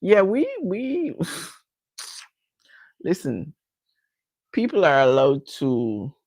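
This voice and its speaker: A Jamaican woman in her fifties chats with her viewers, laughing easily and talking straight back to them. Her voice rises and falls freely with a gravelly grain, and it is recorded close and dry, with no room sound. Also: sits low, very animated, very slow, a little mellow, no echo. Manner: chatty, laughs often, answers viewers directly. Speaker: hair care vlogger. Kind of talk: casual live chat with viewers.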